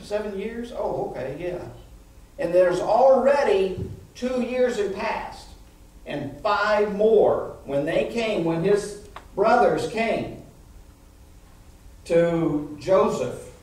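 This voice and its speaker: A male pastor preaching an animated sermon to a congregation, asking "amen?" as he goes. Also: sits high, slow pace. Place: church sanctuary. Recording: echoey church hall, mic from far off.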